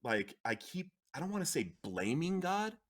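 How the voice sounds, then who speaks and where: A man in his thirties, a podcast guest, earnestly telling his personal recovery story with animated, emotional delivery and laughs at the dramatic turns. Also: fairly high pitch, moderate pace.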